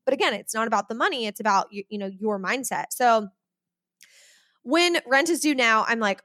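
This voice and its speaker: A young adult woman hosting a solo podcast, talking in a chatty, animated way and often checking in with "okay?" and "right?". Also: a little high, normal speed, dry recording, studio quality. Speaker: podcast host. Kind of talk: solo podcast monologue on money mindset.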